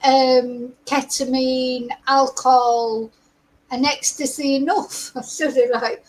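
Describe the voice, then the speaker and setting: Chatty woman, high voice. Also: little pitch movement, slow pace, rough recording. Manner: chatty, exasperated, laughs between remarks. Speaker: true crime channel host. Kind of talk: casual livestream commentary.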